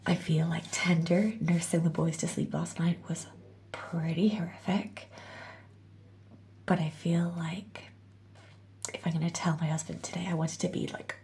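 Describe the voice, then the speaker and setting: A woman's voice: on the low side, level tone, moderate pace, vocal fry, long pauses, dark tone, slight background noise. A woman talking candidly to her camera in a casual personal vlog, often dropping to a whisper, with a morning voice. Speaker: vlogger and mother of three.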